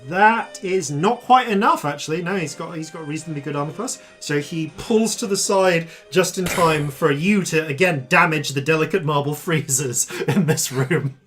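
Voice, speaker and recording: A man narrating as dungeon master, halting and full of fillers and self-corrections. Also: fairly high pitch, a bit bright, faint music behind. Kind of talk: narrating a tabletop game.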